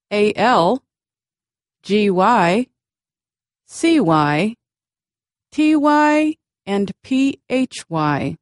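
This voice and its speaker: A woman teaching English word stress in a slow, scripted lesson, pronouncing example words clearly and deliberately. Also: medium pitch, dry recording, studio quality.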